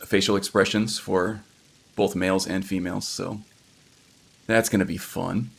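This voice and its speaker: Low, gravelly-voiced male game streamer. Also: level tone, a little slow. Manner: rambling, self-correcting, lots of ums. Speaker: livestreamer playing a game. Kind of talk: casual game commentary.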